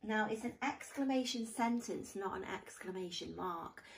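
A woman's voice: mid-range voice, moderate pace, vocal fry, recorded from a distance, slight background noise, low-quality recording. A woman teaching a grammar lesson to pupils, patiently explaining step by step with examples.

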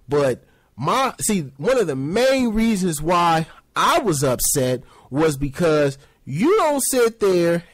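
A man giving a casual sports opinion rant, acting out other people in high mocking voices. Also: dry recording. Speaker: sports commentary host.

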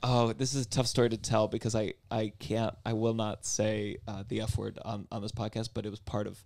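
A man in his thirties hosting a podcast, telling stories in a casual, animated way and acting out quotes. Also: on the low side, a little fast, vocal fry. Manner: animated storyteller, acts out quotes with swearing. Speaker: podcast host, comedian.

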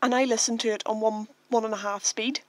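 A Northern Irish woman co-hosting a casual podcast, her voice a little high and recorded close and dry. She rambles along easily, filling her talk with "like". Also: fairly quick, dry recording. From Northern Ireland. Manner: relaxed, rambling, heavy use of "like". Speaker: podcast co-host. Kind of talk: casual chat.

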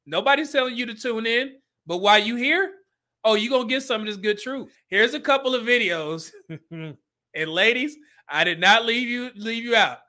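A man's voice: very high-pitched, lively intonation, normal speed, pushed and bright. A man hosting a livestream, commenting bluntly and preachily on video clips and laughing often. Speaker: livestream host.

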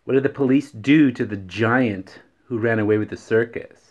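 A man's voice: medium pitch, moderate pace. A man hosting a daily joke vlog who repeats each riddle and laughs at his own punchlines. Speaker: host. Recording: dull lo-fi recording.

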